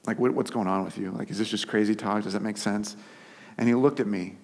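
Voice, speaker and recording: A man's voice: on the low side, steady tone, a little fast, a little mellow, slightly rough, in a large hall. A man preaching a sermon as pastor, telling stories conversationally with restarts and filler words.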